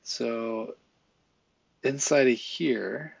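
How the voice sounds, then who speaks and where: A man talking through a software tutorial in a casual, think-aloud way, with fillers and small asides as he works. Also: medium pitch, very slow, gravelly, husky, dry recording. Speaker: visual effects tutorial instructor. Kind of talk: screen-recorded software tutorial.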